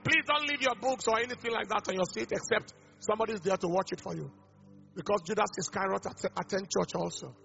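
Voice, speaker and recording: Fervent high-voiced pastor. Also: male voice, quick pace, gravelly, a bit bright, long reverb tail, lo-fi sound, soft background music. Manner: fervent, repetitive prayer declarations. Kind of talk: altar-call prayer sermon.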